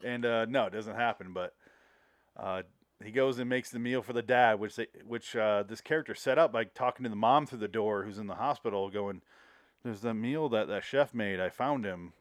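A man talking casually about a movie, animated and profane, acting out scenes as he retells them. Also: on the low side, moderate pace, dry recording, clean studio sound.

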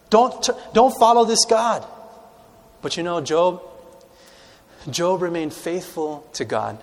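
A man delivers a sermon, reading scripture and asking his congregation questions. His voice sits a little high. The sound carries a long, ringing reverb from a large church space. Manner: animated preaching, reads scripture aloud, asks the congregation questions. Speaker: pastor.

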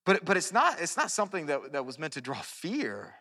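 A man preaching a sermon, earnest and animated, often restarting his phrases. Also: a little high, brisk. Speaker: pastor. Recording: long hall reverb.

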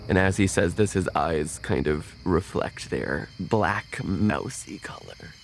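A man playing a tabletop game, describing his wizard's spellcasting in a measured, drawn-out way. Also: low voice, vocal fry, faint music behind. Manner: measured, drawn-out, in-character declarations. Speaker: player. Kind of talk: tabletop role-play narration.

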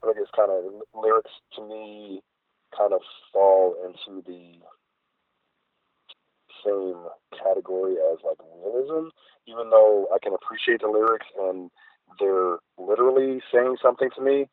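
A man's voice: on the low side, a little slow, dry recording. A middle-aged man, a guest artist, chatting in a reflective, rambling way with many fillers. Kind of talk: casual interview chat. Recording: phone-like dry line.

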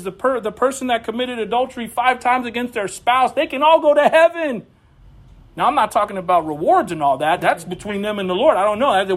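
High-voiced animated man preaching. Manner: animated preaching with bursts of raised voice. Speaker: pastor. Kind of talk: sermon.

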